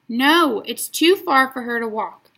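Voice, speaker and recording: Woman doing a tired but patient mom from a kids book, calm, bright voice. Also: sits high, unhurried, vocal fry, full character voice.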